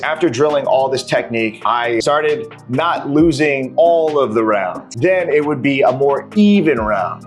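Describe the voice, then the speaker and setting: A man, a martial arts coach, talking in a casual, slangy and profane way as he tells his story to the camera. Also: mid-range voice.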